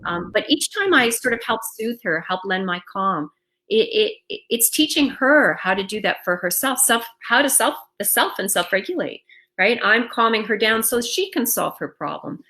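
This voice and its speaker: A middle-aged woman from Canada giving parenting advice as an interview guest, speaking in a warm, reassuring way over a video call. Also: medium pitch, lively intonation, moderate pace, rough recording. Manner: warm, reassuring, repeats "right?". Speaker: interview guest, self-regulation expert. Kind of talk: conversational advice.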